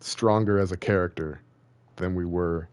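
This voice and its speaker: A young man with a fairly low voice chats through a game stream, rambling from thought to thought. He jokes easily and keeps poking fun at himself. The talk is loose and casual. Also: fairly even intonation, normal speed, a little mellow, clear, resonant tone. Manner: joking, rambling, self-deprecating. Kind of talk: casual live-stream commentary.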